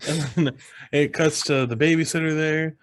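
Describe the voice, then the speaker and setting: A man's voice: fairly high pitch, steady tone, normal speed, clean tone. A man co-hosting a podcast, rambling through a movie plot in casual chat. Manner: rambling plot recap with quoted lines. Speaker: podcast co-host.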